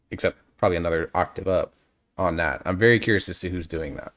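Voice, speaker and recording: A man's voice: sits low, quick pace, fairly bright tone, faint music behind. A man hosting a reaction video, chatting casually and analytically and drifting off on tangents.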